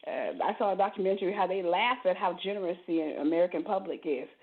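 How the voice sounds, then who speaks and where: A woman's voice: fairly low pitch, fast. A woman co-hosting a casual talk show, speaking animatedly and often repeating words as she starts a thought. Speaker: podcast co-host. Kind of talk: casual conversation. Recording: thin phone-line audio.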